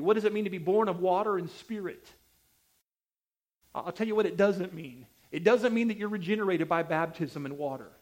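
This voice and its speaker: A man preaching a sermon, emphatic and repetitive, with sharp swings between loud and soft delivery. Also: high-pitched. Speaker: pastor.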